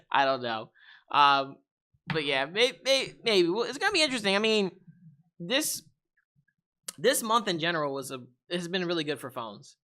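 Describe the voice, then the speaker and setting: A young man hosting a casual tech podcast, animated and laughing, acting out voices of gadgets. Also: high-pitched, normal speed, pauses often. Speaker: podcast host.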